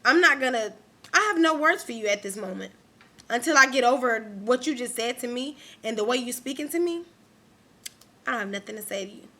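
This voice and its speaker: A woman's voice: on the high side, lively intonation, a little fast, pushed and bright. A young woman vlogging an angry rant to her camera, emphatic and repeating herself.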